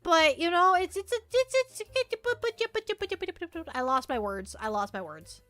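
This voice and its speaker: Bright, high-voiced woman streamer. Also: big pitch swings, moderate pace, no room sound, faint music behind. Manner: chatty, reads chat aloud, trails off and restarts. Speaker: VTuber streamer. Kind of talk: casual livestream chat.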